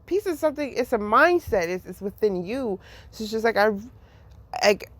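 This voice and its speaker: A woman hosts a podcast of casual spiritual reflection, rambling and swearing as she talks about faith, laughing often and saying "like" constantly. Her voice is fairly high with lively intonation at a moderate pace, and there's no echo.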